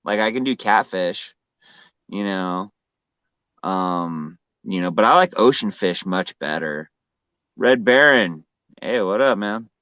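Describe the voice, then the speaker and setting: A laid-back man chatting casually with a lowish, smooth, resonant voice. He rambles and circles back, with many fillers and restarts. The sound is close and dry, with no room around it. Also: expressive, slow, a bit bright, dry recording, lo-fi sound. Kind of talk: casual chat.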